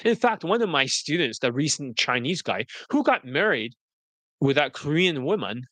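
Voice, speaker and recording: A man coaching on dating, talking bluntly and directly on a livestream and slipping into a polished sales-pitch delivery. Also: big pitch swings, normal speed, fairly bright tone, dry recording. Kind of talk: livestream talk mixing sales pitch and casual chat.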